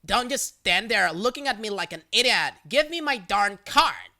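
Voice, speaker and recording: Narrator voicing a loud, demanding entitled woman shopper. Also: mid-range voice, big pitch swings, normal speed. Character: rude entitled middle-aged woman shopper.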